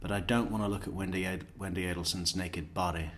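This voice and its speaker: A man's voice: low-pitched, steady tone, quick pace, a bit bright, a little hiss or hum. A man giving blunt, sarcastic commentary on an interrogation video, and breaking into mocking impressions of the people in it. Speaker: true crime commentator.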